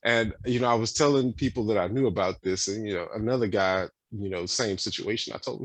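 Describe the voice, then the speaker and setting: A man's voice: fairly low pitch, fairly quick, few pauses, no echo. A man co-hosting a podcast, talking casually and earnestly, repeating himself with lots of fillers. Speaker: podcast co-host. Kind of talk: casual chat.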